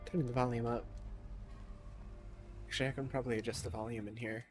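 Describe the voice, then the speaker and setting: A man livestreaming a video game, chatting casually, reading on-screen text aloud and blurting loud surprised reactions. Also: mid-range voice, little pitch movement, quick pace, over music. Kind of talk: casual game streaming commentary.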